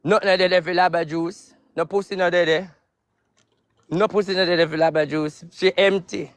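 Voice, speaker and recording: A man's voice: high-pitched, fairly even intonation, normal speed, no room sound. A man with a Jamaican accent in a profane, heated live video rant in heavy patois. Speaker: social media personality.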